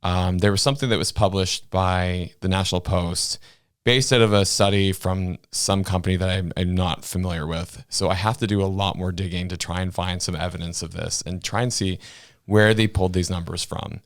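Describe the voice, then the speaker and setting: Deep-voiced man, dry close sound. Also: moderate pace, clean tone, no echo. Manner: relaxed, explanatory, laughs often. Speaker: podcast co-host. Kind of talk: casual political chat.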